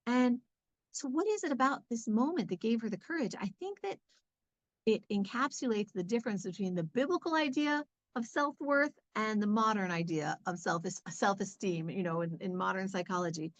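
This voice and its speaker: A woman's voice: fairly high pitch, normal speed, no room sound, rough recording. Chatty woman teaching a Bible lesson. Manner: chatty, lively, with many fillers. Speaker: Torah teacher.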